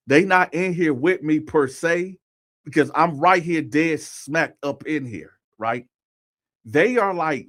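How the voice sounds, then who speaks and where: A man tells a personal story in a casual, conversational way, frequently speaking directly to his listeners and checking in with "right?". His voice is medium-pitched with a fairly bright tone.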